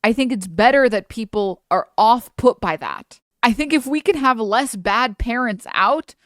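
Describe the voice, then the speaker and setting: A woman's voice: fairly high pitch, unhurried, dry recording, clean studio sound. A woman streamer giving sarcastic, swear-filled commentary while reacting to a video. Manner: animated, sarcastic ranting with frequent swearing. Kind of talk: casual live-stream commentary.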